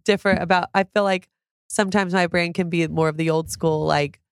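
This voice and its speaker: A woman's voice: lowish voice, fairly even intonation, fairly quick, clean tone, dry recording, clean studio sound. A woman in her thirties, a food creator, talking earnestly as a podcast guest, with fillers and an open, heartfelt manner. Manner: warm, earnest, gets emotional at times. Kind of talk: conversational interview.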